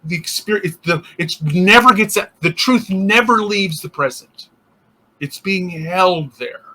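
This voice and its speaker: A man's voice: high voice, unhurried, sharp tone. A male interfaith minister giving a casual spiritual teaching, thinking aloud with restarts and acting out inner voices.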